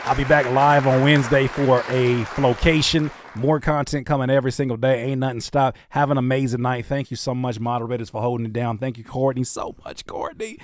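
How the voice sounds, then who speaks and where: A man hosting a casual music livestream, joking in slangy, animated talk and slipping into mock voices. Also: medium pitch, fairly quick, hardly any pauses, some chatter behind, a little hiss or hum. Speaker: livestream host reacting to music.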